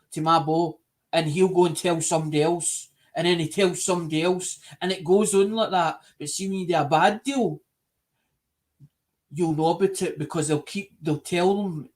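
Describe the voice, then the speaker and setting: High-voiced rambling Scottish man. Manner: rambling, repeats himself, earnest. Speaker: live stream host. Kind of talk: casual live stream chat.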